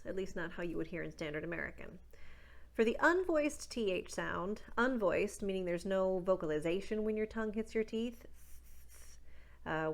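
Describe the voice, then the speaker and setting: A woman coaching an accent, explaining mouth positions and demonstrating vowel sounds slowly and deliberately. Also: medium pitch. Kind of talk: instructional accent lesson.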